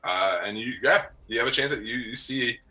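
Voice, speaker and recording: A man narrating a tabletop game as game master, halting with many ums and uhs. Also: mid-range voice, bright, forceful tone, poor audio.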